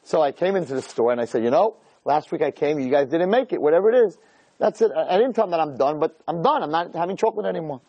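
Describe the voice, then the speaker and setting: A middle-aged man giving a jokey, animated storytelling talk as a rabbi, peppering it with "right?". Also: fairly high pitch, fast talker, no echo, muffled recording. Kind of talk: storytelling lecture.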